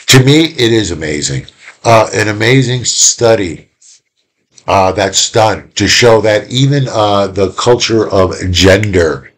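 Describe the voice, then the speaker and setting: A man teaching viewers from home in a casual, animated way, acting out examples as he explains. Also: lowish voice. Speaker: instructor. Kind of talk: recorded lecture to viewers.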